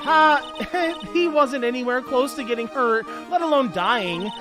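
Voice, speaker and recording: A man's voice: extremely high pitch, expressive, measured pace, music in the background, pitched above the performer's own voice. A man voicing a cheerful, carefree young female animal tamer in a video game. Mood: breezy.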